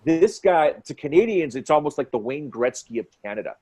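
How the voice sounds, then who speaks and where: Animated, slightly high-voiced male storyteller. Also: husky. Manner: excitable, quick storyteller who acts out quotes. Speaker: fight commentator guest.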